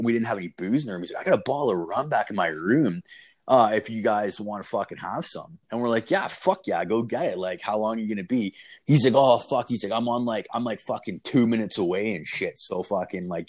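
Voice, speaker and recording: A young man casually telling a story, swearing constantly and acting out what everyone said. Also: lowish voice. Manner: swears constantly, animated retelling with quoted voices.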